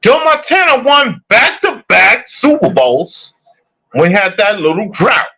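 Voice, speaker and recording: A young man delivers a heated, profane sports rant, hammering the same points again and again. His voice sits a bit high and swings widely up and down as he talks. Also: sing-song, measured pace, pushed and bright, husky, rough recording. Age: young adult.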